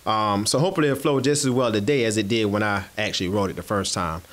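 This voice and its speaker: A man's voice: on the low side, fast talker. A man from South Carolina, chatting casually to his audience and then performing a spoken word poem. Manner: animated, chatty, addresses audience as y'all. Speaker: host.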